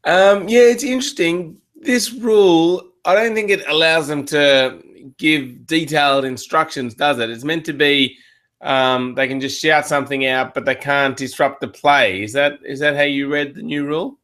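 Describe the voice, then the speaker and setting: A man's voice: fairly high pitch, normal speed. An Australian man hosting a show, chatting casually and reading out listener questions. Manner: relaxed, reads listener questions. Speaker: show host. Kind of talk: casual chat.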